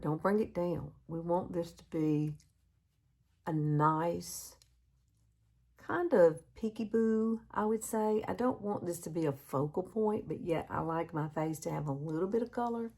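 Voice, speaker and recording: A woman's voice: fairly low pitch, a little slow, a little mellow. A Southern woman from Alabama in her fifties, chatting casually through a makeup tutorial and laughing at herself often. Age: 50s. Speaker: beauty vlogger.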